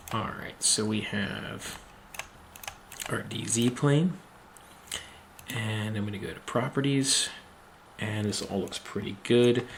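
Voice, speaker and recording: Slow, gravelly-voiced man teaching software. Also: fairly low pitch, slight background noise. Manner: slow, methodical, thinking aloud with many ums. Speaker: machining instructor. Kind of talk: screen-recorded software tutorial.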